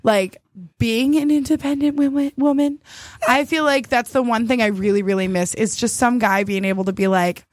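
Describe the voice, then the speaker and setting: A playful young woman joking through a casual podcast chat, with a high voice. The sound is dry and close to the mic. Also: fairly even intonation, normal speed, no echo. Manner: playful, jokey, breaks into silly voices.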